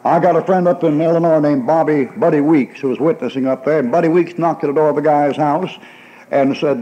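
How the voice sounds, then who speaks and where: A man preaching a sermon in a voice on the higher side for a man. He is folksy and emphatic, hammering his points home and acting out the people in his stories with bursts of laughter. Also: brisk, warm tone, dull audio. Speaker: pastor.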